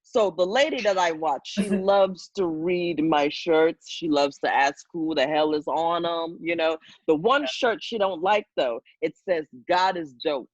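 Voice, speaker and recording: A woman's voice: lowish voice, unhurried, hardly any pauses, dry recording. Comedian, woman, loose and profane storyteller, dull video call audio.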